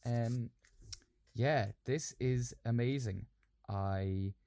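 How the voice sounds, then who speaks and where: A man's voice: medium pitch, drawn-out words, warm tone, dry recording, clean studio sound. A man co-hosting a podcast in casual chat, joking around playfully. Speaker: podcast co-host.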